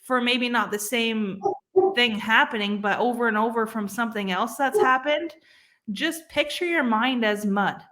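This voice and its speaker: This is a young woman co-hosting a casual podcast chat. Her voice sits a little high, and she talks earnestly, with loose swearing and frequent restarts. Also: normal speed, pushed and bright. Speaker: podcast co-host.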